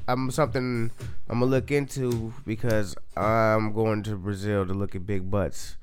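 A man co-hosting a casual podcast chat, laid-back and slangy, swearing freely and sounding high. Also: fairly even intonation, normal speed, clean tone. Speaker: podcast co-host.

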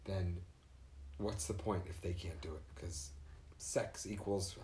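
A man's voice: deep voice, steady tone, slow, dark tone, slight background noise. A man co-hosting a podcast, chiming in with wry, joking remarks in casual chat.

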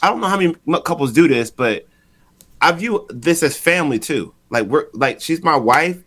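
A man's voice: fairly high pitch, expressive, moderate pace, a bit bright, slight background noise. A man speaking candidly on a podcast about his marriage and ministry, telling a personal story in an earnest way and repeating phrases for emphasis.

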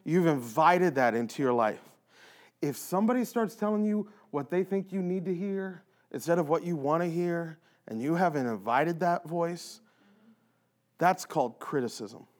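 A man's voice: fairly high pitch, expressive, normal speed. A man who leads in a church, talking earnestly and emphatically in a casual faith conversation, repeating phrases for stress. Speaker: church leader.

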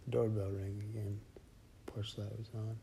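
A man narrating a first-person horror story in a slow, hushed voice that often drops to a whisper. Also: fairly low pitch, level tone, creaky, slight background noise.

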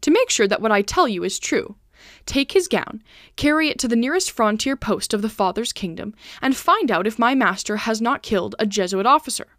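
A woman reading a shrewd, calm male servant. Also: on the high side, brisk, no room sound, studio quality. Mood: persuasive. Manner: reasoning, wry, coaxing.

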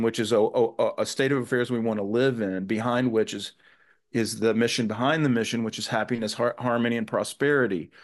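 A man speaking as a guest on a podcast, his pitch sitting in an ordinary middle range. He talks earnestly and thoughtfully, often restarting his sentences as he works through his ideas. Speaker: guest author. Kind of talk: conversational podcast interview.

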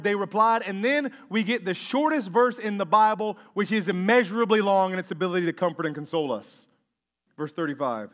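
A male pastor delivers a sermon in a high voice. He reads scripture in a hushed tone, then swells into loud, impassioned preaching. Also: fairly quick. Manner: reads scripture aloud between comments.

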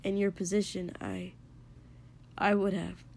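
A woman's voice: medium pitch, little pitch movement, creaky. Woman narrator playing an aloof, proud young man; curt and subdued, storybook reading. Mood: quiet halting. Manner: curt, then quiet and halting.

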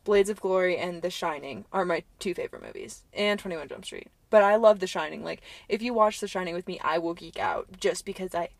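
A woman's voice: on the low side, lively intonation, fairly quick, gravelly, few pauses, no echo. A young woman co-hosting a podcast in casual chat, talking loosely with lots of fillers. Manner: chatty, lots of likes and ums. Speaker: podcast co-host.

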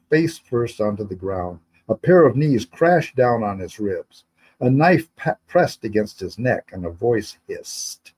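Man, author reading his own novel aloud, measured pace, mellow tone, husky. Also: lowish voice, poor audio. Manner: steady, measured narration with small restarts.

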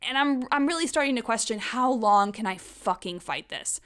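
A woman's voice: on the high side, expressive, normal speed, a bit bright. A woman in her thirties talking frankly and emotionally in a personal monologue, swearing casually.

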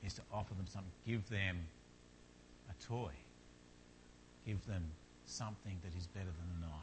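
A man's voice: sits low, normal speed, background noise. A man preaching a sermon in an earnest manner, building to fervent repetition.

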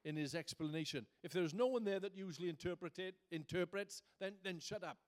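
High-voiced man preaching. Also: a little fast, darkish tone. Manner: conversational preaching, building to fervent emphasis. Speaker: pastor. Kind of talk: sermon.

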